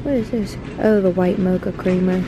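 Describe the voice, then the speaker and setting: Excitable young woman vlogging. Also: on the low side, normal speed, noisy background. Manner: excitable, swears freely, slangy. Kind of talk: casual vlog chat.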